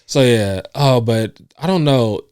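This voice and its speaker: A man's voice: mid-range voice, a little slow, a little mellow, clear, resonant tone, no echo, studio quality. A man co-hosting a podcast in casual chat, telling stories, laughing often and acting out what others said. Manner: storytelling, laughs often, acts out quotes. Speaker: podcast co-host. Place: indoors on a couch.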